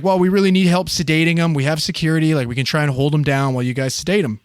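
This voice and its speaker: A man's voice: a little high, rapid-fire, few pauses, clean tone, no room sound. Profane storytelling man, dry close mic. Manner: profane, animated storytelling with laughs. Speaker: podcast co-host telling a story. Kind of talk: casual storytelling.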